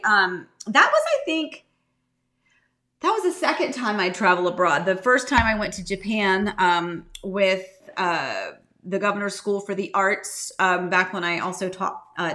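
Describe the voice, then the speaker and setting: A woman realtor hosting a casual live-stream chat, rambling warmly and greeting viewers by name. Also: medium pitch. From United States. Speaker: realtor and live show host.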